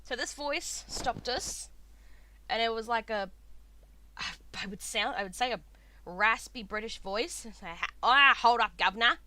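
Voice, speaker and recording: Excitable Australian woman streaming a game. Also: a little high, unhurried. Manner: chatty, excitable, swears freely. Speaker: gaming streamer. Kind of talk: casual let's-play commentary. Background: game music.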